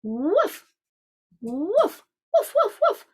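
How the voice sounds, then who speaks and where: A woman's voice: very high voice, huge pitch swings, drawn-out words, pitched above the performer's own voice, full character voice. A woman voicing an eager farm dog that barks as it calls for help in a storybook read-aloud. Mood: excited.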